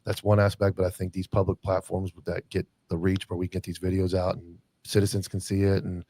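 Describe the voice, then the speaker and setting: A man hosting a casual podcast conversation, talking quickly and often chiming in with agreement. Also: low-pitched, completely flat delivery, dark tone, no room sound. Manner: rapid talker with frequent agreeing "yeah"s. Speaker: podcast host.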